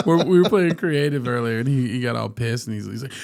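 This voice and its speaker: A man's voice: medium pitch, normal speed, gravelly. A man in his thirties co-hosting a podcast, telling stories in casual chat and laughing often. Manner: animated storyteller, laughs a lot. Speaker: podcast co-host.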